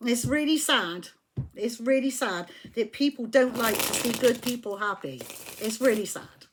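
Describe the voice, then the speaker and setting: A woman's voice: on the high side, unhurried, slight background noise. Blunt, emphatic woman reading tarot. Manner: blunt, emphatic, swears when riled. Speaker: tarot reader.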